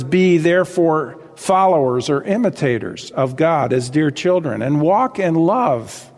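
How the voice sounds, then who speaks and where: A man's voice: a little high, vocal fry, a little mellow. A man preaching a sermon to his congregation, exhorting them directly and often calling out "listen" and "folks". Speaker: pastor. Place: church sanctuary with congregation. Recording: long hall reverb.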